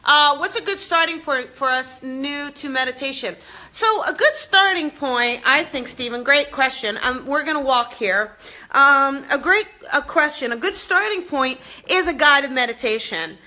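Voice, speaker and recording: A woman with a high-sitting, bright, forceful voice speaks a little slowly with lively intonation. She hosts a casual live stream, chatting upbeat with viewers as she walks from her home out to her backyard garden.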